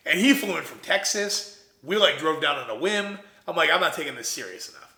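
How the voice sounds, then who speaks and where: Young guy from ohio, bright high-ish voice, super animated storytelling, echoey room. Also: fairly quick, vocal fry. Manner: animated, quotes himself and others in lively voices. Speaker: entrepreneur guest. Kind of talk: casual storytelling.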